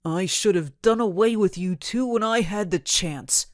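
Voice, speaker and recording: A woman's voice: medium pitch, unhurried, dry recording, studio quality, close to an everyday voice. A woman voicing a hostile, sneering grown male crook. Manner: sneering, scornful.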